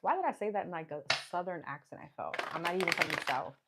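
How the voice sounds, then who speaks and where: Chatty low-voiced woman reading tarot. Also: expressive, quick pace. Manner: chatty, thinks aloud while naming cards. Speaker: tarot card reader. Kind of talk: casual live tarot reading. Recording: clear background noise.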